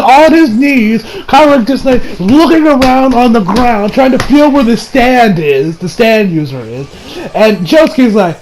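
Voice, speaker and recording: A young man casually recapping and reviewing an anime episode, rambling and excitable, acting out quotes with sudden shouts. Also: very high voice, moderate pace.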